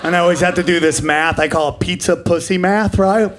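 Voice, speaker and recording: Man in his forties, stand-up comic, high-pitched, brash and profane, live stage mic, faint room noise. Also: steady tone. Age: 40s. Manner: brash, profane, acts out characters in quick bursts. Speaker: stand-up comedian. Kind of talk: stand-up comedy set. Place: live comedy club stage. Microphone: handheld stage mic.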